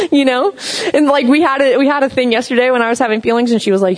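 A woman giving a casual teaching talk on gentle communication, chatty and full of fillers, who tells stories with animation. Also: sits high, fast, rough recording.

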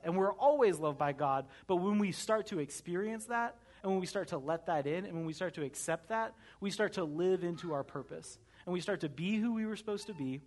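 A young man preaching a conversational sermon as pastor, earnest and often checking in with "right?". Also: a little high.

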